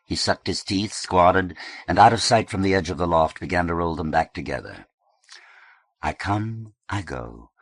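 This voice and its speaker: A man narrating a novel as an audiobook in a measured, even way. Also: low-pitched.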